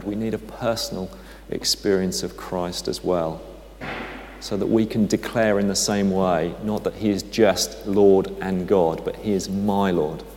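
Preacher with a low voice in a reverberant church. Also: male voice, slight background noise. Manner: conversational, gently humorous storytelling. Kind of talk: sermon. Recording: long hall reverb.

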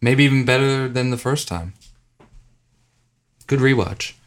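A man hosting a podcast in casual chat, playful and sarcastic, who shifts to a brisk announcer tone for plugs. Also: mid-range voice, a bit bright. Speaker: podcast host.

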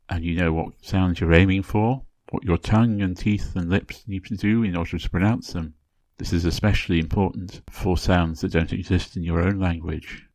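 Deep-voiced English man with RP accent. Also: a little mellow, no echo. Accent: English Received Pronunciation. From England. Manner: measured, clearly enunciated explanation. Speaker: podcast host. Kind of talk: scripted educational talk.

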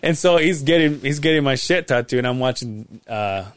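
Animated, swearing man telling a story. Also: medium pitch, moderate pace, dry recording. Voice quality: profane, animated retelling with quoted voices. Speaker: podcast co-host. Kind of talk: casual storytelling chat.

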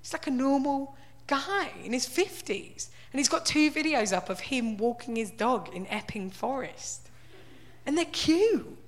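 A woman's voice: high voice, animated, a little slow. A woman giving a wry, conversational stand-up style talk full of "like" and "right?". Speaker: comedian.

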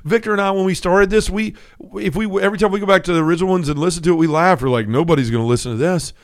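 A man's voice: sits high, steady tone, very fast. A middle-aged man hosting a faith podcast, sharing his personal testimony in an earnest, conversational way, often checking in with "right?". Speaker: podcast host.

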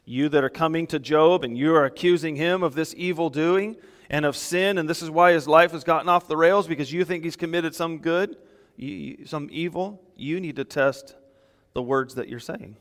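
A man preaching a sermon as pastor, emphatic and animated, with small laughs between points. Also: a little high, normal speed, big-room sound.

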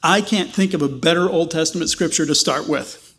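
A man with a high-pitched voice delivers a sermon as a pastor. He leans hard on key phrases with slow emphasis, then rushes through asides. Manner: animated preaching with emphatic slow stresses and quick asides.

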